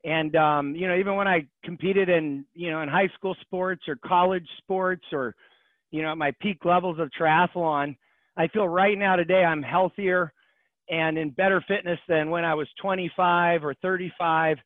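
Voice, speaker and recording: An earnest man in his forties talks as a podcast guest, pausing with "um" along the way. His voice sits a little high and comes through a tinny, phone-like line. The sound is dry, with no room echo. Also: fairly even intonation. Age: 40s. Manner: earnest, hesitant with fillers. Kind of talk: casual interview chat.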